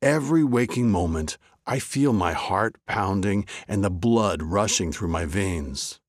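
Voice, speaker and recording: A fretful village baker, voiced by a male storyteller, low-pitched and unhurried yet full of worry. His pitch swings widely as the complaints pile up. The sound is close and dry. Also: expressive, dry recording. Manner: worried, exclaiming complaints. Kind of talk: storybook character voice.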